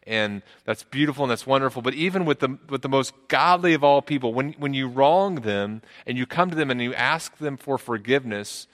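A man preaching a sermon, his voice bright and forceful with a middle pitch. He talks earnestly, repeating words and climbing higher to stress a point. The sound rings with the long reverb of a big church hall. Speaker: pastor.

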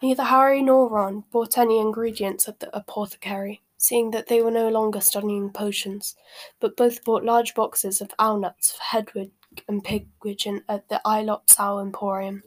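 A woman reading a novel aloud in steady, expressive narration. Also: medium pitch, moderate pace. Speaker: reader.

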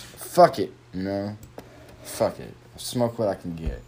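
A young man talks into his phone's microphone, swearing nonstop in a loose, rambling rant. His pitch swings up and down a lot as he vents his frustration, and his sentences keep breaking off and starting again. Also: animated, a little slow, darkish tone, a little hiss or hum. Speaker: podcaster. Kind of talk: frustrated solo podcast rant.

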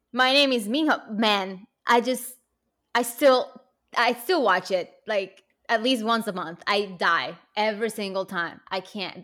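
A woman's voice: mid-range voice, fairly bright tone. Rambling woman podcast co-host. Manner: rambling, restarts sentences, lots of "like" and "um". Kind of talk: casual chat.

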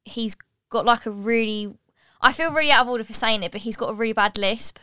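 A woman's voice: fairly high pitch, fairly quick, pushed and bright, clean tone, dry recording, clean studio sound. A woman, a guest on a podcast, telling stories candidly and offhandedly in casual chat.

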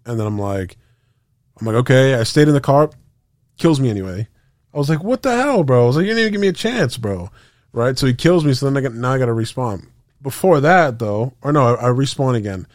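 A man's voice: mid-range voice, dry recording. Male podcast co-host, casual storyteller, swears freely, acts out voices and gunfire, dry close mic. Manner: animated, profane, acts out quotes with sound effects.

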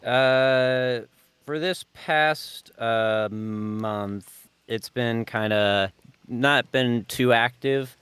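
A man's voice: medium pitch, drawn-out words, fairly bright tone, clear, resonant tone, no room sound. A man co-hosting a casual podcast chat, joking and telling stories with animation. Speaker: podcast co-host.

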